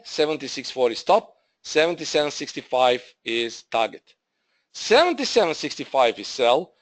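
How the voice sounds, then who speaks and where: Slow-talking man presenting a trading webinar. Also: on the high side, fairly bright tone. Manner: halting, repeats himself, addresses viewers as "guys". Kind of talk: live trading webinar walkthrough.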